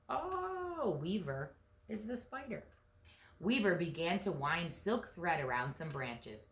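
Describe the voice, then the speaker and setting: Lively woman reading a children's story. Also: on the low side, slow. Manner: asks young listeners questions, lively. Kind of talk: children's story read-aloud. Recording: echoey room.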